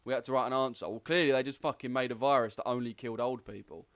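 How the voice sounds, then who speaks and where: A man's voice: medium pitch, fairly even intonation, quick pace, fairly bright tone. Profane young Englishman chatting on stream. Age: 20s. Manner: loose, profane banter, answering viewers' chat. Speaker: trading streamer. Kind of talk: casual livestream chat while trading.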